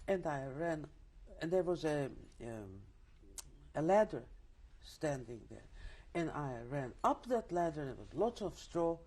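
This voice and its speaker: An older woman from Czechoslovakia, a Holocaust survivor, gives oral history testimony as an interviewee, telling vivid stories full of restarts and asides. Her voice is low, mellow and husky.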